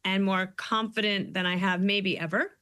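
A woman in her fifties, a guest author, telling stories in an animated, quick way during an interview. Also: mid-range voice, no room sound. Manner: quick, animated storytelling with quoted asides. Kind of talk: interview conversation.

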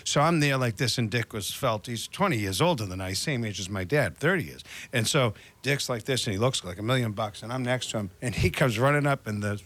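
A man's voice: medium pitch, expressive, a little fast, hardly any pauses, fairly bright tone. A man hosting a show, chatting casually and acting out anecdotes as a storyteller. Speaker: host. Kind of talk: casual chat.

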